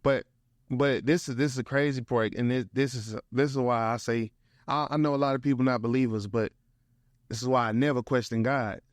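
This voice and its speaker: A young man with a St. tells a story in a lively, slangy way, his voice sitting in the middle range. The sound is close and dry, with no room echo. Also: medium pitch, a little fast. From St. Louis, USA. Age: young adult. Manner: animated, slangy, peppers speech with "bro". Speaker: guest, motivational speaker. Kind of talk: casual storytelling.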